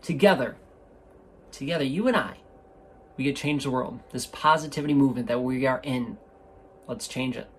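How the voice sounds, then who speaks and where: A man speaks in a mid-range voice at a moderate pace, pausing often, with slight background noise. Hosting a solo podcast on a studio mic indoors, he talks casually and enthusiastically, rambling and frequently restarting his sentences.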